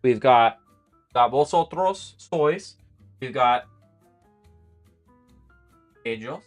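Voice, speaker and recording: A man's voice: medium pitch, animated, moderate pace, clear, resonant tone, dry recording, soft background music. A man teaching a casual live-streamed Spanish lesson, thinking aloud with fillers and restarts while he writes out conjugations.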